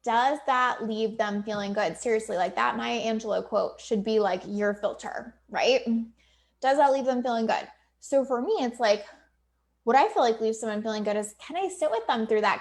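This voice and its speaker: A woman's voice: on the high side, normal speed. A woman coach talking casually to viewers on a live video, emphatic and chatty with lots of fillers, now and then swearing. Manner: acts out quoted client voices. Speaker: business coach.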